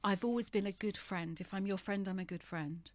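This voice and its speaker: Brisk and medium-pitched, a woman in her fifties answers interview questions candidly, speaking with emphasis and a wry sense of humor.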